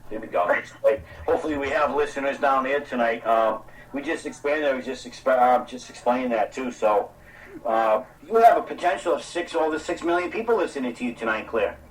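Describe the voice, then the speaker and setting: A man with a Boston accent hosting a casual radio talk show, relaxed and joking. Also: mid-range voice, fairly quick, distant mic, rough recording. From Salem, Massachusetts.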